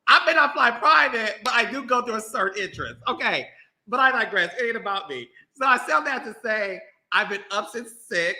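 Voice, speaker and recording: Animated chatty man with a bright voice. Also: extremely high pitch, reverberant. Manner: animated, playful, laughs often, then slow and emotional. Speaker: podcast host. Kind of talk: casual chat.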